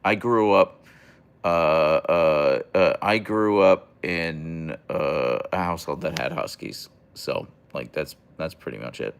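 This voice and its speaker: A man's voice: extremely low pitch, slow, creaky, smooth. A young man hosting a casual livestream, reading chat aloud and answering in a rambling, hesitant way with many fillers and restarts.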